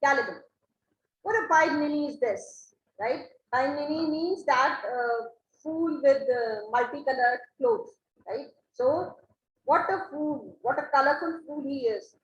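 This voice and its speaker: A woman's voice: sits high, a bit bright. A woman teaching literature who reads a play aloud and explains each line in plain words, often checking in with "right?". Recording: echoey room, dull lo-fi sound.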